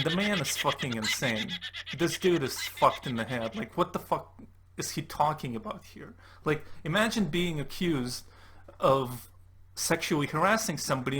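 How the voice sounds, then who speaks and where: A man's voice: mid-range voice, a bit bright, a little hiss or hum. Profane, incredulous male commentator. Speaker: YouTube commentator. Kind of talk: commentary rant.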